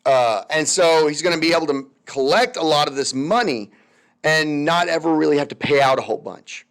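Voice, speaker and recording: A man's voice: fairly high pitch, brisk, vocal fry, a bit bright. Casual man lecturing on history. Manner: casual, chatty, many fillers and asides. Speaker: history teacher. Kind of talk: recorded lecture over slides.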